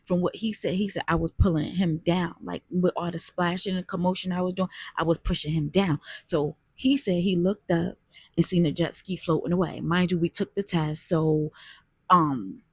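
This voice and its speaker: Woman, casual storytime monologue, low husky voice with fry, earnest and chatty. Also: fairly even intonation, moderate pace, a little mellow, no echo, clean studio sound. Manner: earnest, conversational, addresses viewers as "y'all".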